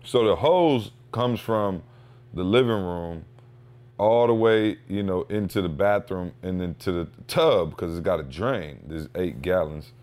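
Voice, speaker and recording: Low-voiced man telling animated stories. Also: measured pace. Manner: animated storyteller, slangy, acts out quotes. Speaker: podcast host; father. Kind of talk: casual podcast chat.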